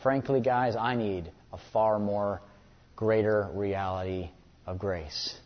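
A man's voice: lowish voice, fairly even intonation, takes it slowly. Male pastor mid-sermon, earnest and repetitive, long hall reverb, muffled lo-fi recording. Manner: earnest, repeats words when stressing a point. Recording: echoey hall, dull lo-fi sound.

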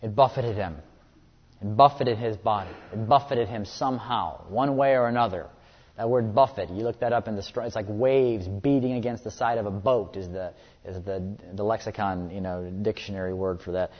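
A man's voice: on the low side, normal speed. A man preaching a sermon earnestly, often repeating words as he presses a point. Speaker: pastor. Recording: echoey hall, dull lo-fi sound.

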